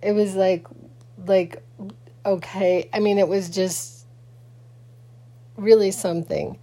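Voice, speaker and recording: Middle-aged woman, slow unhurried talk, mellow warm tone, grieving, sleepy, rambling with fillers. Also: mid-range voice, fairly even intonation. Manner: rambling, halting, many fillers and restarts; sleepy, late at night. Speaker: vlogger. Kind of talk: casual personal talk to camera.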